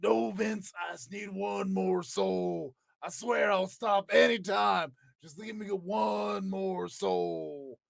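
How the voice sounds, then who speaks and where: A man doing an impression of a brooding male wrestler, slowly pleading for one more soul, his throat strained. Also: high-pitched, gravelly, dry recording, pitched above the performer's own voice, heavily acted. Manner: slow, drawn-out pleading.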